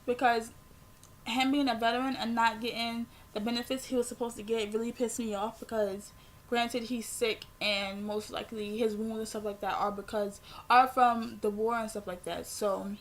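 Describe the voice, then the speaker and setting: Young woman vlogger, fairly high voice, rambling storytime delivery. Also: normal speed, slight background noise. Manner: rambling, animated retelling with filler words. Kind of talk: storytime vlog.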